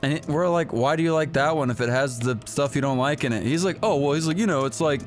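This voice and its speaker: A man's voice: a little high, quick pace, soft background music. A young man co-hosting a let's play, telling rambling, profane stories in casual gaming chat. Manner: rambling storytelling, swears a lot.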